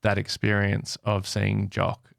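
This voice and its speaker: A man hosting a podcast interview, murmuring along softly and asking gentle questions. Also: fairly low pitch, completely flat delivery, slow, gravelly, no echo, studio quality. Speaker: podcast host.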